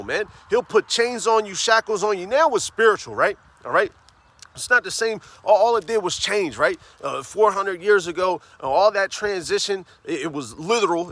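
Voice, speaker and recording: A man preaching on the street, fervent, tagging phrases with "man" and "all right?" and reading scripture slowly and emphatically. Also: high voice, a bit bright. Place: outdoors on a city street.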